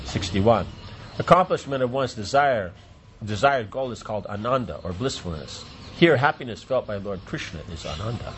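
A man's voice: mid-range voice, expressive, normal speed, a bit bright, a little hiss or hum. A man reading a devotional play aloud, with stage directions, footnotes and brief offhand asides. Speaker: reader.

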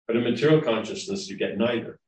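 A man with a medium-pitched, darkish voice talks at a quick pace while delivering a devotional lecture. As a spiritual lecturer, he rambles conversationally and keeps checking in with listeners, and the recording is roomy, from a distant mic.

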